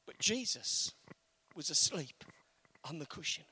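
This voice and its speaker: This male preacher has a high, sing-song voice that is bright, forceful and husky, moving a little slowly. He keeps things conversational, questioning the congregation and acting out quotes.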